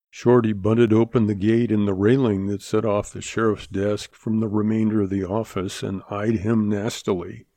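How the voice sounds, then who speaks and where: Guy reading a western audiobook, low gravelly dark voice, dry close mic. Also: little pitch movement, moderate pace, few pauses, dry recording. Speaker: audiobook narrator. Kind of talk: scripted narration.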